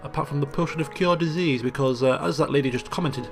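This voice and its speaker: Guy doing let's play commentary, kinda high and gravelly, chatty, game music faint under him. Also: fast talker. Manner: chatty, joking asides. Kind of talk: casual gameplay commentary.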